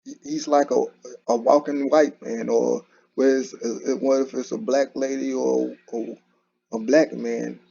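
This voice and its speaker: A man with a gravelly, husky voice talks through his views in a loose, unscripted monologue. His tone is dark and mellow, and he often restarts his sentences. The sound is dull and lo-fi. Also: mid-range voice, flat delivery, measured pace. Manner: conversational, repetitive, with frequent restarts and "you know". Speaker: commentary channel host. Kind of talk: casual solo commentary. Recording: dull lo-fi recording.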